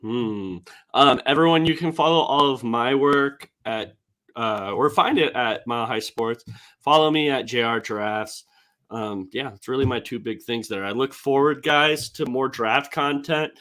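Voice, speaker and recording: A young man hosting a casual sports podcast with a bright, forward tone. He talks in a relaxed, meandering way, filling gaps with um and like. His energy drops low and soft as he winds things down. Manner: laid-back, trails off with many fillers and likes. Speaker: podcast host.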